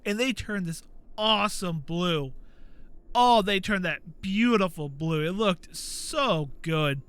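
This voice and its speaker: A man hosting a gaming channel, chatting casually while he plays and acting out quotes in a high voice. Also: expressive, slow pace, fairly bright tone, clear, resonant tone. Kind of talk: casual commentary while playing.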